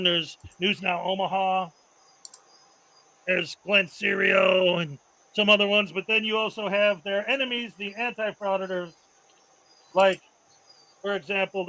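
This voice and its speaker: A man's voice: sits high, bright, forceful tone, low-quality recording. A man hosting a casual livestream, chatting loosely and laughing often as he shows off prizes. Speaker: host.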